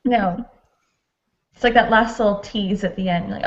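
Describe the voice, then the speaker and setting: A woman's voice: mid-range voice, fairly even intonation, moderate pace, highs cut off. A woman in a book club talking casually about a novel, laughing often and playful. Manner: laughs a lot, playful and chatty. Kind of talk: casual chat.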